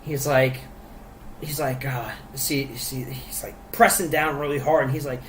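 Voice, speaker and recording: A man's voice: medium pitch, little pitch movement, unhurried, a bit bright, slight background noise, rough recording. A man co-hosting a casual podcast chat about a movie, rambling with lots of fillers and frequent laughs. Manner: rambling, laughs often, many fillers and restarts. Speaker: podcast co-host reviewing a movie.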